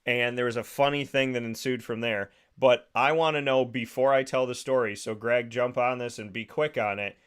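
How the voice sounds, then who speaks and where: A man hosting a casual podcast, telling a story in a lively, animated way and laughing as he goes. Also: medium pitch, normal speed, few pauses, clean tone. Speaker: podcast host. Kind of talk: casual chat.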